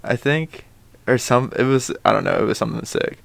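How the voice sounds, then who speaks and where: Gravelly young man, easygoing bro talk. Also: mid-range voice, brisk, fairly bright tone, no room sound. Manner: easygoing bro talk, hesitant with many fillers. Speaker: podcast co-host. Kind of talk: casual chat.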